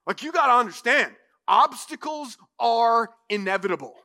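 A man with a high, bright voice preaches to his church. He talks in a loose, conversational way, full of "like" and quick asides. His delivery stays animated and easygoing. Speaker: pastor. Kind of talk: sermon.

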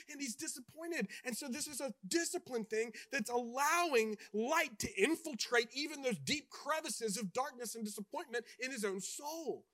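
A man preaching a sermon with passion, swinging between hushed, intimate lines and loud emphatic ones. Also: very high-pitched, lively intonation, moderate pace, hardly any pauses. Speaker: pastor.

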